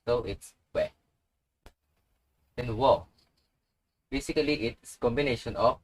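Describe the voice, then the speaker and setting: A man speaking at an unhurried, very slow pace as he walks through letter sounds one by one. His pitch sits in a middle range, and he repeats each sound patiently with example words. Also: poor audio. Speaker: language teacher. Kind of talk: slow instructional tutorial.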